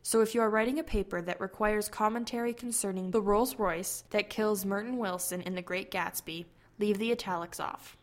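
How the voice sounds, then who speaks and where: A woman hosting an educational podcast, reading a scripted explanation in a clear, measured way. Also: mid-range voice, fairly even intonation. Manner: clear, measured read-aloud delivery. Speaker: podcast host explaining writing rules.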